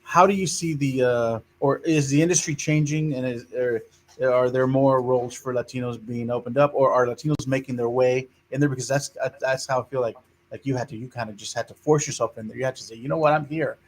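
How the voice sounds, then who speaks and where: Halting male radio host. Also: medium pitch, steady tone, slight background noise. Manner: halting, with many fillers. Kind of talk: casual interview chat.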